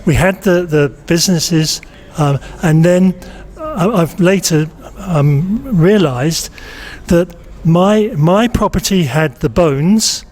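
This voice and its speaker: A man being interviewed about his stage role, talking in a hesitant, halting way. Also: high voice, a little mellow. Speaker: interviewee, amateur actor. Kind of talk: casual chat.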